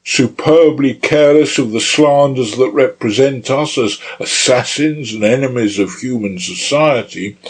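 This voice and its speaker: A man voicing an earnest idealistic male speaker, delivering a lofty, high-flown speech.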